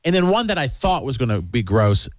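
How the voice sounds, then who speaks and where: A man's voice: medium pitch, very animated, fairly quick, no room sound, clean studio sound. A man in casual conversation, animatedly telling stories and acting out his own quotes. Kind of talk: casual chat.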